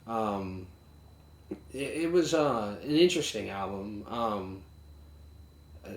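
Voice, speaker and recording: A man's voice: on the low side, animated, slow pace. A man co-hosting a casual music review chat, rambling with many fillers and restarts. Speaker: podcast co-host. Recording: roomy sound with faint ambient noise.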